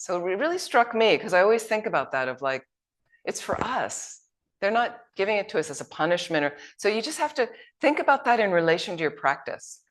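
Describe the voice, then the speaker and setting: A woman's voice: mid-range voice, sing-song, fairly quick. A woman teaching at a Buddhist retreat, telling anecdotes in a conversational way. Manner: anecdotal, conversational, acts out quotes. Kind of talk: retreat dharma talk.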